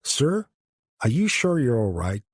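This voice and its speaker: A man's voice: medium pitch, sing-song, a little slow, husky, dry recording, clean studio sound, pitched above the performer's own voice. A man voicing an awkward, sheepish male police officer who hesitates.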